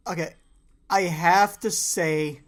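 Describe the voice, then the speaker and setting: A man's voice: sits high, slow. A man hosting a podcast, telling stories in a casual, teasing way. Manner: animated storyteller, teasing. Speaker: podcast host. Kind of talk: casual chat.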